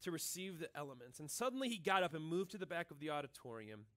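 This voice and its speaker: High-pitched male pastor, casual and earnest sermon in a church, conversational with lots of "like". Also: very animated, fast, fairly bright tone. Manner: casual and earnest, filling speech with "like" and "right?".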